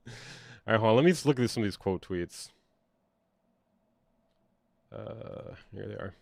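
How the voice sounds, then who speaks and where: Unhurried and lively in intonation, a young music producer reacts to online drama on a casual stream, blunt, sarcastic, and freely profane. His lowish voice is creaky and slightly mellow, with no room sound.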